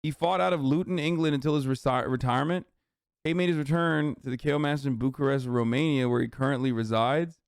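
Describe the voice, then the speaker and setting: A man's voice: medium pitch, fast talker, vocal fry, clean tone, dry recording, clean studio sound. A man streaming, giving loose, profane, mocking reaction commentary on videos he is watching.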